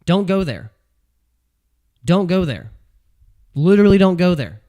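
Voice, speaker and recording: A man giving casual commentary as a video host, animated and ranting, repeating phrases and laughing at his own jokes. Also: high voice, measured pace. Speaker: crypto YouTuber. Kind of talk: casual talking-head commentary.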